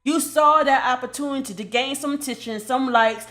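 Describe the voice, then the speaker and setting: A young woman with a high voice tears into her subject in a casual commentary rant. She is blunt and profane, and she circles back to the same points again and again. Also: moderate pace, few pauses, a bit bright. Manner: blunt, repetitive, profane scolding. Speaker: commentary creator.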